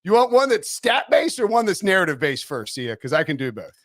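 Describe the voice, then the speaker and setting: A man talking through football betting picks in a rambling, animated way, with quick laughing asides. His voice sits a bit high for a man. The sound is dry, with almost no room in it. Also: dry recording. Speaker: NFL betting analyst. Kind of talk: casual sports betting chat.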